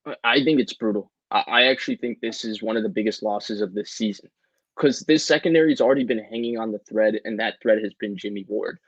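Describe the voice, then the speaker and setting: A man's voice: lowish voice, quick pace, dry recording, highs cut off. A man co-hosting a sports podcast, giving earnest, detailed football analysis with some stammering.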